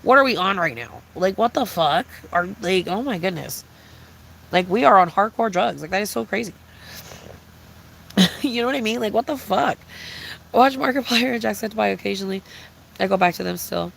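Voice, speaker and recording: A woman's voice: mid-range voice, animated, normal speed, vocal fry, pauses often. A young woman streamer in casual chat, rambling and swearing with many fillers.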